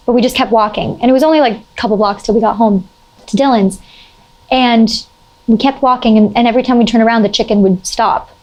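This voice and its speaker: A young adult woman telling a casual anecdote in an animated way, full of "like" fillers and sudden high-pitched exclamations. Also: a little fast. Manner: animated, heavy use of "like" fillers.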